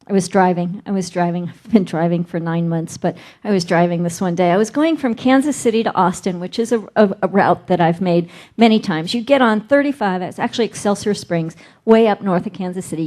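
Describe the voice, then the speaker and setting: A woman's voice: mid-range voice, mellow. A middle-aged woman minister delivering a sermon, telling a personal story and acting out her inner dialogue.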